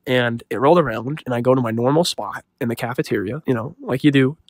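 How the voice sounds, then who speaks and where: Deadpan young man telling a dumb story. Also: medium pitch, fast talker, no room sound, studio quality. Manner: deadpan, self-serious, rambling with fillers. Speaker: comedy storyteller. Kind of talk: deadpan comedic story monologue.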